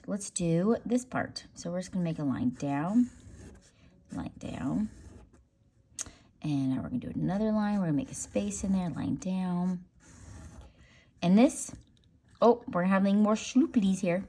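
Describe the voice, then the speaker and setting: A woman's voice: on the low side, mellow. A woman leading a casual drawing tutorial, chatty and playful, making silly sound effects as she draws. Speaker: art teacher.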